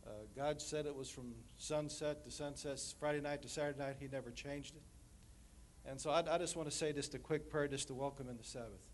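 A man's voice: medium pitch, brisk. Male guest preacher opening a sermon in an easygoing way, with slight room noise behind. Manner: relaxed, joking asides to the congregation. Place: church sanctuary.

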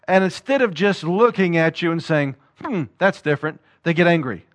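Brief: male preacher, high voice, animated sermon delivery, acts out quoted voices. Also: a little fast.

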